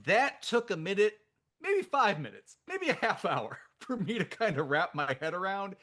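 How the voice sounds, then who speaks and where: A man co-hosting a film podcast, his voice swinging up and down with lots of movement. His pitch sits a little high for a man. He chats casually and pokes fun at himself, often breaking into laughter. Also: moderate pace. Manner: animated, self-deprecating, laughs often. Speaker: podcast co-host.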